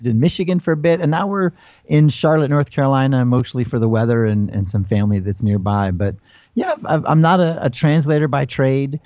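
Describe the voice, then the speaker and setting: An American man in his forties, rambling through his answers with restarts and fillers. His voice is dark and mellow. The sound is dry and slightly dull, as if over a remote call. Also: mid-range voice, a little fast, dry recording. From United States. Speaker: guest. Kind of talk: casual interview talk.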